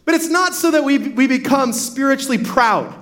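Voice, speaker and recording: A man's voice: very high voice, animated, normal speed, a bit bright. A young adult man, a pastor, preaching a sermon in a casual storytelling way, full of "like" fillers and restarts.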